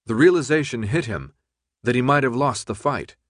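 A male audiobook narrator with a steady, measured delivery and a mid-range voice. The recording is dry and close, with no room sound at all. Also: mid-range voice, dry recording. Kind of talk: scripted narration.

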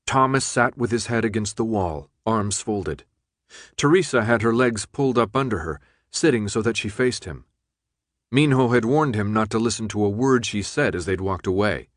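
Steady male audiobook narrator, dry. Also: lowish voice, moderate pace, no echo. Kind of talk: scripted narration.

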